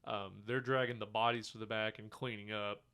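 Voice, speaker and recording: A man co-hosting a casual podcast, walking through a film's scenes and putting on the characters' lines as he goes. His voice sits a little low but rings bright and smooth. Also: brisk. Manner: animated retelling of scenes, acting out quotes, swearing. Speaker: podcast co-host. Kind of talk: casual movie review chat.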